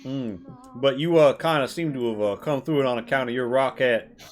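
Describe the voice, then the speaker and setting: A man's voice: medium pitch, fairly quick, faint music behind, lightly acted. A man voicing a folksy, rural male soldier with a hick accent in a tabletop game, drawling and full of uhs. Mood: official. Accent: generic rural American hick. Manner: drawling, hesitant with many uhs. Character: folksy rural male soldier, self-styled sovereign patriot. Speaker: game master.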